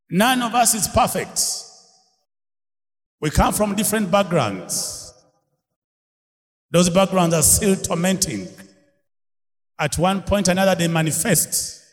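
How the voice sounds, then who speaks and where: A man's voice: high-pitched, a little slow, long pauses. A man preaching a sermon, laughing often and calling out questions to his congregation. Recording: long hall reverb.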